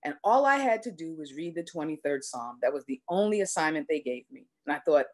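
A woman telling a personal story live, with expressive, self-deprecating delivery. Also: low-pitched, a little fast, hardly any pauses.

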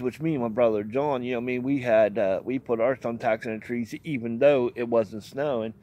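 A man with a brisk, slightly mellow mid-range voice, an outdoors vlogger, tells a hunting story casually. He's plainspoken and folksy, rambles, laughs often and curses mildly now and then.

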